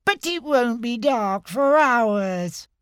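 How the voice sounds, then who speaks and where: Tiny joey, squeaky very high voice, eager, storybook character. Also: male voice, expressive, takes it slowly, a bit bright, smooth, dry recording, clean studio sound, full character voice. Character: small excited young male kangaroo.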